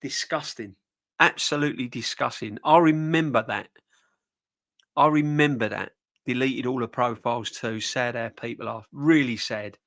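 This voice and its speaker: A middle-aged man hosting a football fan stream, reading viewer comments and answering them in an animated, emphatic way, often repeating his points. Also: medium pitch, moderate pace. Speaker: football fan channel host.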